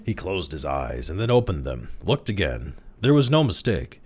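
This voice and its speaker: A man casually reading a classic short story aloud, with expressive, dramatic delivery. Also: deep voice, moderate pace, husky. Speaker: narrator, audiobook reader.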